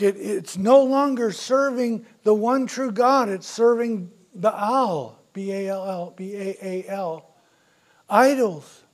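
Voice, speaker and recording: A male pastor preaching a sermon, retelling scripture stories with big swings from loud to soft. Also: sits high. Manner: storytelling, dramatic swings in loudness.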